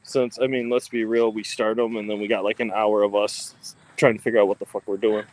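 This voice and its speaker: A man's voice: fairly low pitch, level tone, brisk, a little mellow, poor audio. A man co-hosting a livestream, talking casually with lots of ums and restarts, recorded on a phone. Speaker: co-host of a ghost-hunting livestream.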